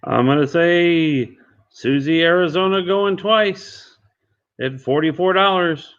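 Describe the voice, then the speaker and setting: A man running a live online charity auction, calling and repeating bids briskly. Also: fairly high pitch, a bit bright. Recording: dull lo-fi stream audio.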